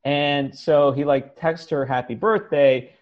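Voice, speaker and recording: Male host, meandering and filler-heavy, fairly high voice, slightly muffled sound. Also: fairly even intonation, slow pace. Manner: rambling, hesitant, many fillers. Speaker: podcast host. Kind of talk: casual podcast chat.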